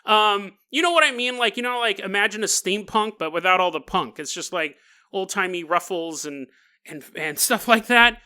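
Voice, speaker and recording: A man's voice: high-pitched, lively intonation, moderate pace, bright, forceful tone, clean tone. A male podcast host telling a story in a joking, rambling way, laughing often. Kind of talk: comedic storytelling.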